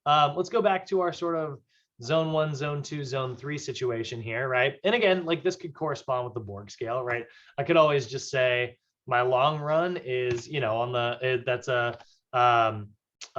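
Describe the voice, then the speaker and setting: A man's voice: medium pitch, moderate pace, a bit bright. A man teaching a recorded fitness class in a casual, chatty way, full of fillers and tag questions. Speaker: fitness instructor. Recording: slightly dull lo-fi audio.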